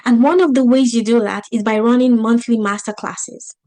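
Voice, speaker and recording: A woman's voice: on the high side, fairly even intonation, moderate pace, a little mellow. A woman with a non-native English accent, teaching a business webinar in an emphatic, motivational style, asking the audience rhetorical questions. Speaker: business coach. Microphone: video call.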